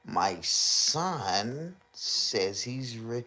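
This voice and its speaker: Man, live-stream reaction commentary, lively swinging pitch, slow unhurried pace, loud mocking rants. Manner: loud joking rants with mocking put-on voices and slang.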